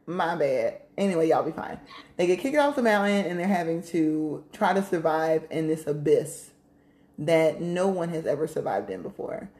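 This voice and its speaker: Low-voiced woman chatting in an echoey room. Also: lively intonation, moderate pace, a little mellow. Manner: candid, profane, laughs often. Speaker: podcast co-host. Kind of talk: casual chat.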